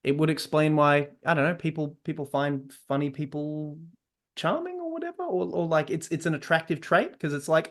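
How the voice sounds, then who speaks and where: A man's voice: fairly high pitch, expressive, normal speed. A man hosting a casual writing podcast, talking in a hesitant way with many restarts. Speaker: podcast host and writer. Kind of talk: casual chat.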